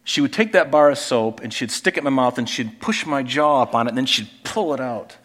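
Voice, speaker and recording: A man's voice: medium pitch, a little fast, a bit bright. A middle-aged man preaching a sermon in a conversational way, asking rhetorical questions and restarting his sentences. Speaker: pastor.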